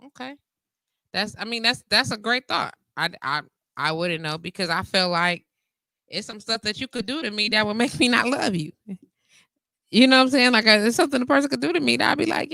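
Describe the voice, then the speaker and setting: Brisk and creaky, with a pitch on the high side, this woman's voice comes through with no echo. She's an internet radio talk show host in her 40s running a casual live call-in, speaking frankly, laughing frequently, and reading comments aloud with animation.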